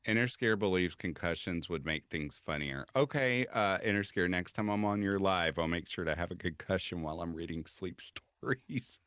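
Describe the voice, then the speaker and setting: Very deep-voiced, easygoing male host. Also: normal speed, few pauses, a bit bright, clear, resonant tone, no echo. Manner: laughing, easygoing, chatty. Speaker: co-host, story narrator. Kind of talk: casual livestream chat.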